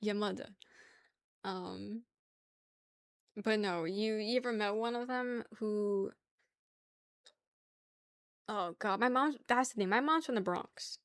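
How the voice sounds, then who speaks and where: A woman's voice: medium pitch, slow pace, pauses often, no room sound, clean studio sound. A young woman from New York with a New York accent, chatting casually with her stream viewers, teasing them and laughing often.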